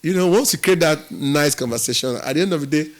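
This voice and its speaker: A man's voice: on the high side, fast talker. A man from Nigeria, telling his work story as an interview guest and acting out the dialogue. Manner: animated storyteller who acts out quoted dialogue.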